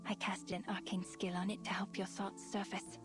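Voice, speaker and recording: A woman voicing a calm, mysterious arcane figure who coaxes someone to look into a mirror. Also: medium pitch, moderate pace, music in the background, close to an everyday voice. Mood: coaxing.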